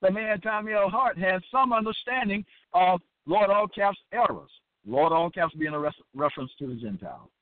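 A man's voice: high voice, animated, normal speed, no room sound. A man delivering a preaching lecture, firing off repetitive rhetorical questions and tagging lines with "okay?". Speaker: religious teacher. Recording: tinny dry phone-line sound.

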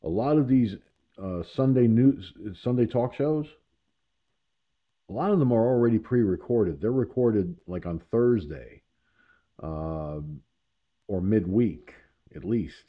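A man with a fairly low voice hosts a casual internet talk radio show. He talks at an unhurried, drawn-out pace, rambling and chuckling at his own asides. The audio is muffled and lo-fi. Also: animated.

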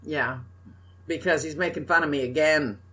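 A woman's voice: sits low, moderate pace, pushed and bright. An older woman co-hosting a casual podcast, giving bossy, teasing instructions and banter. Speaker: podcast co-host. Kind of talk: casual chat.

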